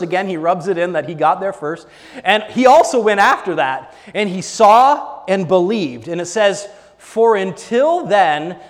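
A man preaching a sermon, acting out the story as he goes and swinging between bold exclaiming and a hushed near-whisper. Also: sits high. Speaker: pastor. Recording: long hall reverb.

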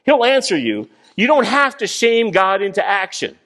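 Man, sermon, high-pitched, animated, acts out voices. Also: normal speed. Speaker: guest preacher.

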